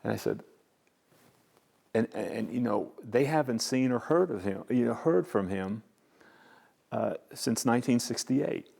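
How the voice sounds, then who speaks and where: An older male veteran reflects in an interview, stopping and restarting often. His voice is heavily gravelly, at an average pitch for a man. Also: expressive, a little mellow. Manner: halting, repeats words and fillers.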